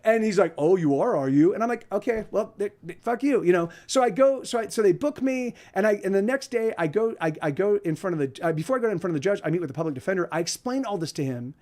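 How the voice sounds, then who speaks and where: A podcast host with a high-pitched, expressive, darkish-toned voice talks fast with few pauses. He tells an angry, profane story in a rambling way, restarting many times and quoting others in put-on voices.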